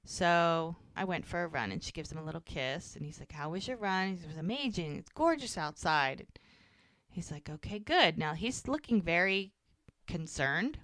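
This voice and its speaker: A woman's voice: lowish voice, moderate pace, dry recording, clean studio sound. A woman casually recapping a TV episode on a podcast, acting out the characters' lines as she goes. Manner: animated retelling, quoting characters with "she's like". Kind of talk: casual chat.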